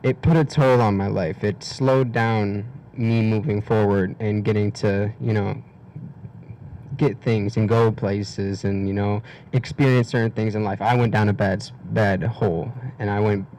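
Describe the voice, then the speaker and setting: Emotional teenage young man, low voice. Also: steady tone, dark tone, a little hiss or hum, rough recording. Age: teens. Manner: halting, many fillers and restarts. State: emotional, on the verge of tears. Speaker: guest speaker. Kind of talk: personal testimony at a community event.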